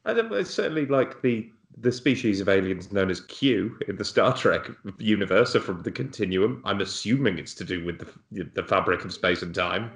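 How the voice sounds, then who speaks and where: A man's voice: on the low side, moderate pace, few pauses, roomy sound. A man co-hosting a podcast, talking casually and jokily about an album. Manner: animated, jokey. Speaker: podcast co-host. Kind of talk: casual chat about music.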